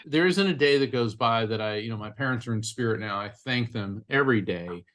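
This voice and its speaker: A man with a middle-pitched voice talks through a personal story on a podcast. He stops often and repeats his words, and his telling stays heartfelt. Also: a little fast, a bit bright. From United States. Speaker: psychic medium and attorney, podcast guest.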